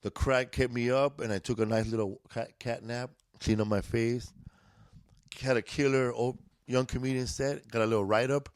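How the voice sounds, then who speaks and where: A man's voice: mid-range voice, steady tone, moderate pace, dry recording. A man from East Los Angeles spins loose, profane stories in a casual podcast chat, laughing as he goes. His voice sits in a middle range and is recorded dry, with no room sound around it. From East Los Angeles, USA. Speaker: comedian guest. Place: indoors, podcast studio.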